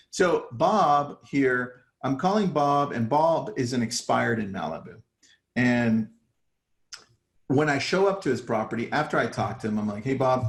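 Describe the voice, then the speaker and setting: A man's voice: mid-range voice, creaky, echoey room. A man coaching real estate agents in a casual live talk, acting out his phone calls with sellers. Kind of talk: live online training talk.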